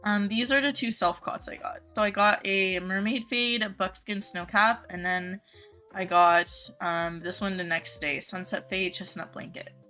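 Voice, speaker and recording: A woman's voice: mid-range voice, fairly even intonation, measured pace, pushed and bright, faint music behind. A young woman live-streaming a game, chatting casually with viewers, greeting them by name and gushing over cute things.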